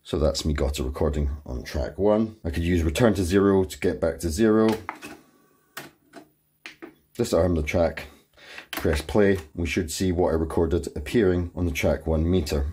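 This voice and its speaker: A man's voice: sits low, moderate pace, warm tone, a little hiss or hum. A man hosting a tutorial and methodically explaining each control step by step in his home studio. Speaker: tutorial host.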